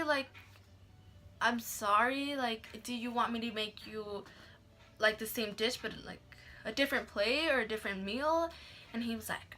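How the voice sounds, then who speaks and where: A woman's voice: fairly high pitch, normal speed, pushed and bright, soft background music. A young woman telling a story in a casual vlog, chatty, swearing freely and acting out the people she quotes.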